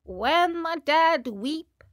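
A woman voicing a solemn, pompous old crow doctor in a storybook reading, speaking slowly. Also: extremely high pitch, lively intonation, no echo, studio quality, voice pushed up, exaggerated voice. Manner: slow, solemn pronouncements.

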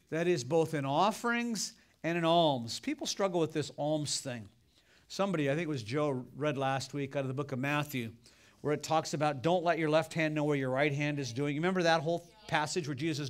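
A man preaching with a slightly higher voice than most men. He tells his sermon as folksy, animated stories and talks straight to the congregation. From United States. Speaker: pastor.

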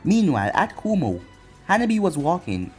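A man narrating a fan-made anime story in a plain, brisk storytelling manner. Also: sits high, huge pitch swings, darkish tone, faint music behind. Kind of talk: story reading.

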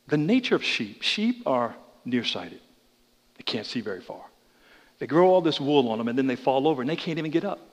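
A man preaching a sermon in a church sanctuary, with dynamic delivery that rises loud and drops low, addressing the congregation directly with questions and asides. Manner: dynamic preaching, swinging between loud raised passages and quiet low ones. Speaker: pastor. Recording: long reverb of a church hall.

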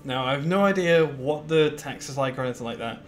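A man in casual live-stream commentary, with a mid-pitched, conversational voice that rambles and is full of fillers as he thinks aloud. He answers his chat as he goes, and faint game music sits behind him. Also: fairly quick.

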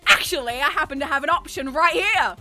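A woman's voice: high-pitched, fairly quick, sharp tone, faint music behind. A woman voicing a nerdy, jittery female lizard scientist from a video game in a put-on British accent. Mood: perky. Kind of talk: reading game dialogue aloud.

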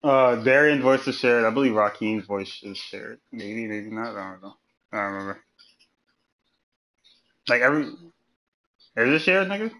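Loud, profane, joking man gaming. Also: mid-range voice, lively intonation, moderate pace, pauses often. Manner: profane, joking, laughs often, swings into loud mock outrage. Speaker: gamer streaming live. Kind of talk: casual gameplay chat with friends in a voice party.

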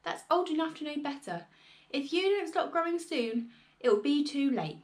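A woman's voice: sits high, lively intonation, moderate pace, voice pushed up. A woman voicing a bossy, nasty tiny old grandmother who snaps and scolds in a read-aloud storybook. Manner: snappish, scolding, relishing disgust.

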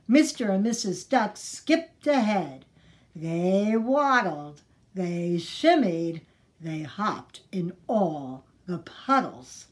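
A woman leading a children's storytime as librarian, singing and reading aloud in a gentle, encouraging way. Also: on the low side. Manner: gentle, encouraging, sing-song.

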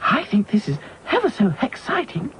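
A man's voice: high voice, wildly swooping pitch, moderate pace, slight background noise, pitched above the performer's own voice, rough recording. A man voicing a prim, refined little princess rag doll with a dainty manner. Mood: genteel.

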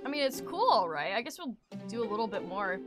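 A woman's voice: mid-range voice, very animated, fast talker, music in the background. A woman game streamer chatting casually, rambling and swearing in joking commentary.

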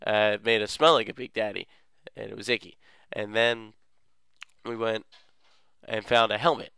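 Young guy rambling through a game recap, bright clear voice, kinda low, dry sound. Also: flat delivery, normal speed, no echo. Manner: rambling, goofy, lots of filler words. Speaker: let's play host.

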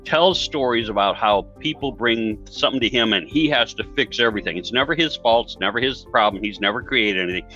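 A man's voice: medium pitch, brisk, few pauses, pushed and bright, soft background music. A male talk show host speaking in an emphatic, motivational way during a conversational interview. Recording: dull lo-fi sound.

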